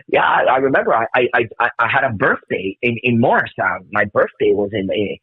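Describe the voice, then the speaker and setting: A man in his fifties from Cuba, telling stories as a guest musician in an excitable, rambling way, swearing a lot. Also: medium pitch, a little fast, breathy edge, no echo. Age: 50s. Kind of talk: casual storytelling interview. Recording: tinny phone-like call line.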